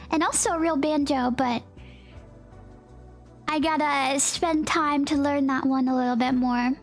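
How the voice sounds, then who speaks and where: A woman's voice: high-pitched, fairly even intonation, unhurried, faint music behind. A young woman streaming from home, chatting casually with her chat in a bubbly way, gasping, giggling and greeting everyone with a howdy. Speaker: livestreamer. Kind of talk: casual livestream chat, reading chat.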